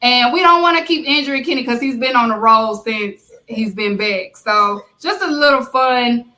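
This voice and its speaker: A woman hosting a podcast in casual chat, relaxed and filling pauses with ums and uhs. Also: a little high, poor audio. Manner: relaxed, many fillers. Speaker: podcast host.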